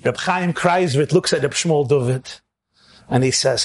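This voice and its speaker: A man giving a sermon as a storytelling rabbi, animated and rising to shouts at emotional peaks, sprinkling in Yiddish and Hebrew phrases. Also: mid-range voice, moderate pace, vocal fry.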